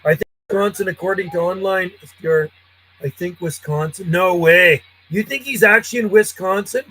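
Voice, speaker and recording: A man's voice: high-pitched, a little fast, fairly bright tone, slightly rough, poor audio. A man, a friendly and chatty CB radio operator calling out call signs from his home radio room. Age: 50s. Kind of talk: casual radio calls and chat.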